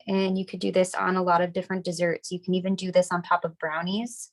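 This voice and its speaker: A young woman getting over a cold, teaching a relaxed, chatty, upbeat step-by-step decorating class. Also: on the low side, quick pace. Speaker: craft class instructor. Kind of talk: casual step-by-step demonstration.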